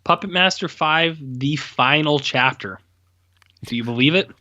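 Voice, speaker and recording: A man's voice: on the high side, unhurried, sharp tone, dry recording, lo-fi sound. A young man co-hosting a podcast, chatting casually with blunt, laid-back verdicts. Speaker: podcast co-host. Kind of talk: casual chat.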